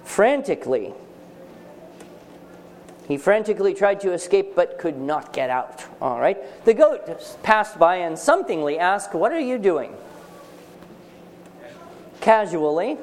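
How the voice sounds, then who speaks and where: A man's voice: sits high, very animated, unhurried, long pauses, slight background noise. A man teaching a writing workshop for parents in a seminar room with a live audience. He is emphatic and joking, and he quizzes the listeners.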